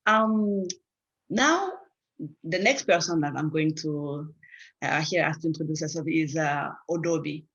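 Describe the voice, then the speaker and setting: A woman's voice: sits low, a bit bright. A woman moderating an online panel over a video call, repeating her thanks and introducing each speaker with animation. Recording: muffled video call audio.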